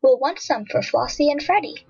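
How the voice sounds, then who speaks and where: A woman voicing a calm, sensible boy in a children's audiobook. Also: sits high, moderate pace. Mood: steady. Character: boy Bert, calm and sensible older brother. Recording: dull lo-fi audiobook with faint music.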